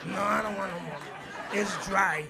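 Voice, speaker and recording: A high-pitched man in his forties doing stand-up, telling animated stories and working the room. It is a live club recording, with the crowd's laughter loud behind him and steady room noise throughout. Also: moderate pace, gravelly. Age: 40s. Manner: animated storytelling, acts out quotes, works the crowd. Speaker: stand-up comedian. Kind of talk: stand-up comedy set. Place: comedy club on stage. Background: audience laughter.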